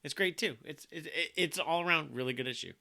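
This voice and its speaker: Male co-host, bright tone, chatty and enthusiastic. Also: on the high side, brisk, gravelly. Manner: jokey, enthusiastic, many "like"s. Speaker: podcast co-host. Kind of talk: casual comics discussion.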